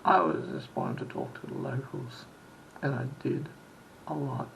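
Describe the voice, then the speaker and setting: A man's voice: medium pitch, steady tone, normal speed, creaky, fairly bright tone, a little hiss or hum, rough recording. A man from Sydney telling a rambling travel story in a casual vlog, full of restarts and quoted exchanges. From Australia. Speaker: vlogger.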